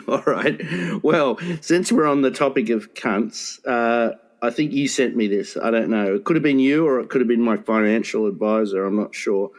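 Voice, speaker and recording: A man's voice: moderate pace, few pauses. A man co-hosting a crude comedy podcast, teasing his partner with stammering, jumpy banter. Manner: teasing, stammering, lively swings in pitch. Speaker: podcast co-host.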